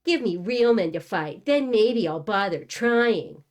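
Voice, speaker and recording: A woman reading aloud, voicing a fierce young female assassin with a slow, biting delivery. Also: medium pitch, lively intonation, darkish tone, voice pushed up, close to an everyday voice. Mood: defiant.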